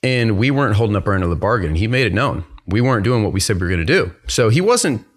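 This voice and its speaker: A man's voice: fairly low pitch, big pitch swings, fast talker, slightly rough. A man hosting a podcast, telling a story about his son in a casual chat, acting out the quotes and laughing easily. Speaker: podcast host.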